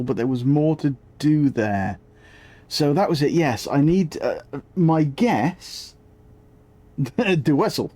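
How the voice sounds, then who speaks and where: A man's voice: on the high side, darkish tone. A man live-streaming a video game, chatting in a rambling, scatterbrained way and greeting viewers. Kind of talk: live-stream gameplay chat.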